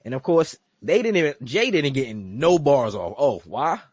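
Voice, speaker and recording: Husky dude hosting a wrestling pod, voice jumps all over when he quotes folks. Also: medium pitch, moderate pace, no room sound. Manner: animated storytelling, acts out quotes, swears. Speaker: podcast host. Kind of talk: casual wrestling recap chat.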